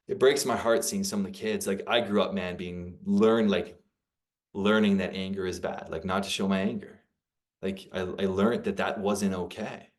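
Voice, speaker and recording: Man, young adult, low-pitched, earnest, reflective, chatty podcast guest. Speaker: podcast guest, personal freedom coach. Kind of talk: casual conversation.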